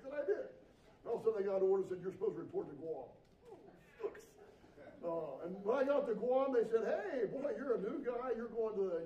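A middle-aged man preaches in a lively storytelling way, slipping into the voices he quotes. His voice sits high but mellow, and the recording picks him up from a distance in an echoey church, a little dull and muffled. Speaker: pastor. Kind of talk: sermon. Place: church sanctuary.

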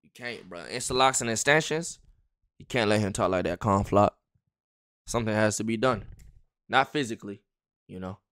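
A man's voice: lowish voice, moderate pace, pauses often, fairly bright tone. A man chatting casually on a stream, joking and teasing his friend in slang.

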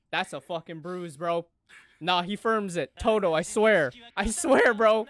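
Hyped guy reacting to anime, cussing, yelling then muttering, slow talker. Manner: excitable, profane slang, swings between shouted outbursts and low mutters. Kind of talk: live anime reaction commentary. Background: faint anime soundtrack music.

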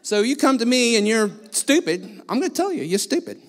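Male guest preacher, high voice, blunt and self-deprecating, church-hall echo. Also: big pitch swings, brisk. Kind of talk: sermon.

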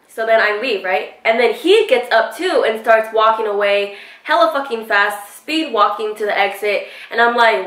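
A woman's voice: a little high, normal speed, far from the mic. Woman telling a story in an echoey room. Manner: animated retelling with acted quotes and frequent swearing. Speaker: vlogger. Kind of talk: storytime vlog.

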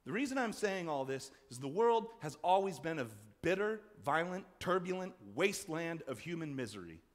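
A man preaching a sermon as pastor, conversational and animated, acting out voices in the story. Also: normal speed. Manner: conversational, acts out quoted voices with big swings in pitch and loudness. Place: church sanctuary. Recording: long church reverb.

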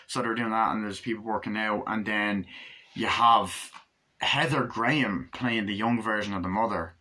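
Man, casual movie review vlog, low-pitched, bright forceful tone, enthusiastic, swears often. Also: normal speed.

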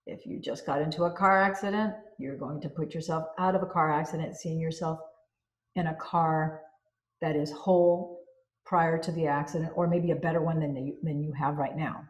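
A woman hosting a self-help channel, talking slowly and deliberately and listing ideas word by word. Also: deep voice, steady tone, echoey room. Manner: slow, deliberate, lists words one by one. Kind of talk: spoken reflection on a self-help book.

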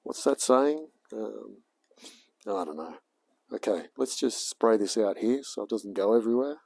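Slow, mellow Aussie bloke tinkering. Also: male voice, on the low side, lively intonation, creaky, husky. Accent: Australian. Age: 40s. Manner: rambling, talks to chat, says mate a lot. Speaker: livestreamer mechanic. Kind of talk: casual live-stream chat while working. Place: garage workshop.

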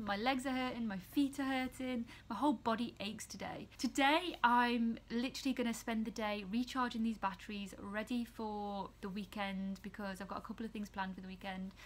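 A woman's voice: medium pitch, a little hiss or hum. A young woman in her twenties, a student nurse chatting casually and upbeat to her vlog audience. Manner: chatty and upbeat, with quick run-on sentences. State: tearful with happy excitement.

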